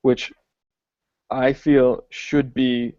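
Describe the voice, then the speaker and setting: A man co-hosts a casual film podcast, speaking very slowly in a mid-range, darkish voice with little pitch movement. He muses hesitantly, leaning on many fillers. The dry, dull lo-fi audio has a little hiss or hum.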